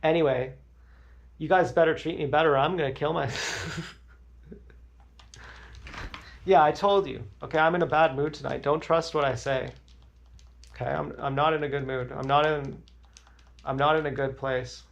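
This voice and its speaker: A man's voice: on the high side, fairly even intonation, moderate pace, vocal fry, pauses often. A man livestreaming, telling crude, rambling stories in a blunt way.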